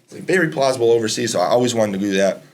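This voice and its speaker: A man's voice: mid-range voice, lively intonation, rapid-fire. A young man, a college basketball player chatting casually on a podcast, laid-back, swearing freely and laughing often. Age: 20s.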